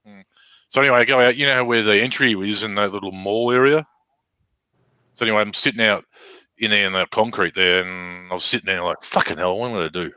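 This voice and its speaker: A man's voice: fairly low pitch, a little fast, sharp tone, smooth, dry recording. A man with an Australian accent telling a casual, heavily sworn story on a podcast, acting out the back-and-forth of the people in it. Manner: profane, acts out quoted exchanges. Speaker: podcast guest. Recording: dull lo-fi dry sound.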